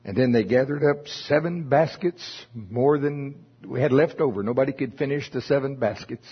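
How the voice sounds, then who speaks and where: Male preacher, husky voice, folksy scripture teaching with chuckling asides; slightly muffled recording. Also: mid-range voice, moderate pace. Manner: reads scripture aloud then explains it with chuckles and asides.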